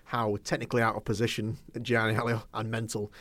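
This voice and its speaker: Male co-host, quick and opinionated, mid-pitched, dry close recording. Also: level tone, fairly bright tone, dry recording. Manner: chatty, laughs often, opinionated. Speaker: podcast co-host. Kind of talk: casual football podcast chat.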